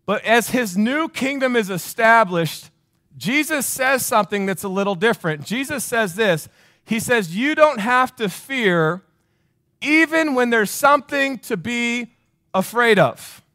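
Forty-something male preacher, higher voice, repeats lines and quizzes the congregation. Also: lively intonation, a little slow, pushed and bright, no echo, clean studio sound. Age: 40s. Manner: emphatic, repeats phrases, asks the crowd questions. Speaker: pastor. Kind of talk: sermon.

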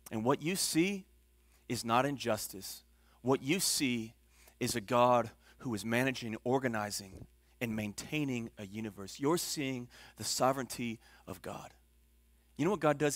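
A man preaching a sermon as pastor, swinging from hushed, low passages to loud, emphatic ones. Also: dry recording.

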